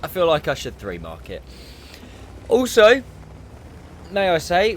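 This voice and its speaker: A man giving relaxed, rambling commentary over his own gameplay, often restarting his sentences. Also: on the high side, a little hiss or hum. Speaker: gaming YouTuber.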